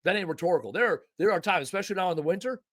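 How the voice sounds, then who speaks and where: In rapid-fire bursts and a high-pitched voice, a podcast host keeps things casual, cursing liberally and speaking in an animated, emphatic, folksy way.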